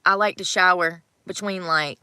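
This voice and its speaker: A woman's voice: lowish voice, normal speed, smooth, dry recording, rough recording. A woman, chatting casually and rambling to her live-stream viewers. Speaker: livestream host. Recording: steady car road noise.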